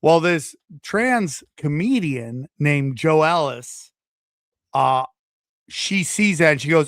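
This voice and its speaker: A man with a high voice hosts a casual podcast and tells a long story, jumping in and out of other people's voices. His delivery is animated and profane. The recording is dry and close, with no room sound. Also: takes it slowly, no echo. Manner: animated, acts out quotes in changing voices; profane, rambling with restarts. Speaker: podcast host.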